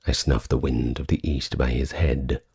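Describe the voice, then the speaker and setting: A man reading ancient sacred texts aloud in a slow, soft-spoken ASMR style, with a solemn and measured recitation. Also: rumbling low, steady tone, breathy edge.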